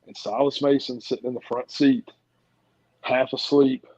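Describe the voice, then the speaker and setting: Man, husky voice, laid-back storyteller, dull lo-fi sound, video call guest. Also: medium pitch, little pitch movement, normal speed, darkish tone. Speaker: podcast guest, wrestler. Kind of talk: casual interview chat.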